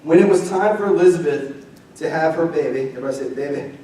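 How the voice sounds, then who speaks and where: A young man preaching a lively, conversational sermon as pastor, leading the congregation in call-and-response. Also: fairly high pitch, fast, a little hiss or hum. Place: church sanctuary. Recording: roomy distant church mic.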